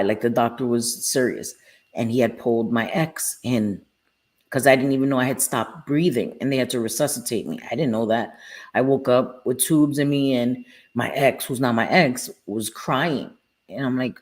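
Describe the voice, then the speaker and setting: A woman's voice: extremely low pitch, fairly even intonation, normal speed, darkish tone. A woman hosting a live stream, talking candidly and earnestly to her viewers about her recovery and answering them by name. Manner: earnest, heartfelt, reads out viewers' names. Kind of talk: candid casual talk to viewers.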